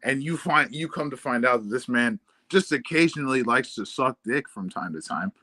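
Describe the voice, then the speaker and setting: A man on a casual livestream teases others with crude jokes and sounds exasperated. His tone is bright and forceful. The sound is dry and close, with no room around it. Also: medium pitch, lively intonation, moderate pace, no echo.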